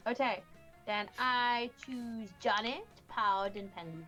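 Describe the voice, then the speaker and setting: A woman's voice: on the high side, slow pace, bright, forceful tone, highs cut off, soft background music. A woman chatting casually and politely during a game stream. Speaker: streamer guest. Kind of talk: casual gaming chat.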